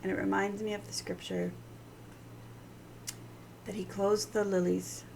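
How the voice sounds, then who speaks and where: Woman w/ a gravelly morning voice, slow soft devotional talk, little bit of room hiss. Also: medium pitch, level tone, rough recording. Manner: soft, slow and tender, often hushed. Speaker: devotional host.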